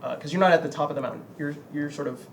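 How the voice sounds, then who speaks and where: A young man narrating as game master, halting with many fillers and quick to laugh. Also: a little high. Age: young adult. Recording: distant mic with background noise.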